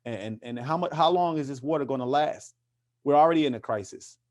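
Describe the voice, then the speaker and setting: A man's voice: mid-range voice, brisk. Passionate man with many restarts. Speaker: interview guest, activist. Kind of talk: casual conversational interview.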